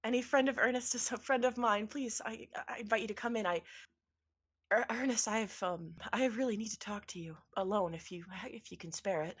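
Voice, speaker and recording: A woman's voice: a little high, a little fast, slightly rough, voice pushed up. A woman voicing a frantic, tearful woman who pleads breathlessly while searching for her husband. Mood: earnest.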